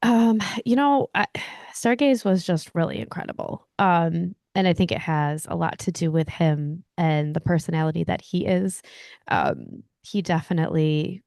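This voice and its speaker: A woman co-hosting a casual hockey podcast, relaxed and chatty as she shares easygoing opinions. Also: on the low side, moderate pace, vocal fry, no echo, studio quality. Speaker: co-host.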